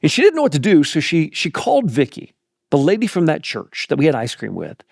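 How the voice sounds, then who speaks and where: A middle-aged pastor telling a personal story in a folksy, animated way on a podcast. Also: male voice, on the high side, brisk, gravelly, dry recording, clean studio sound. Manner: animated, folksy, laughs through anecdotes. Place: podcast studio.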